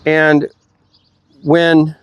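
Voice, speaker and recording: A middle-aged man, a dog trainer, explaining his methods outdoors while working a dog, breaking into high, playful praise for the animal. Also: completely flat delivery, extremely slow, clean tone, dry recording, muffled recording. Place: outdoors at a kennel ranch.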